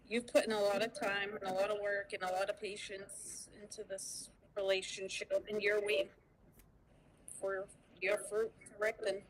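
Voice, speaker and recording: A woman giving a tarot reading, speaking slowly and hesitantly as she feels her way through the cards. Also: medium pitch, fairly bright tone, a little hiss or hum, poor audio. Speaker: guest tarot reader.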